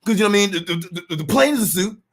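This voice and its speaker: A man rants casually in a monologue, animated and loaded with profane street slang, acting out what people say. His voice sits high and he talks very fast.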